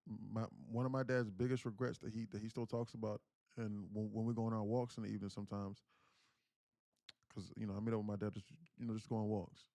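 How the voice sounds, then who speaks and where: Quick-paced and level in tone, this man's low, dark voice comes through a dry, clean studio recording. He's around thirty and hosts a day trading livestream, where he tells a family story in an earnest, candid way, repeating himself as he goes.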